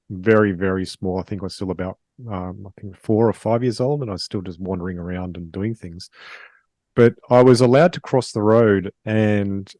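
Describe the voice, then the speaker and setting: A man hosting a podcast, talking in a relaxed, chatty way with fillers as he interviews a guest. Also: fairly low pitch, no echo, clean studio sound. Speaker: podcast host.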